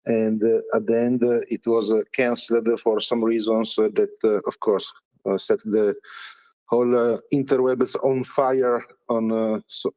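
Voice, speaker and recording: A man giving a casual news update in an online audio room, halting, with many filler sounds between phrases. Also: medium pitch, a little mellow, rough recording.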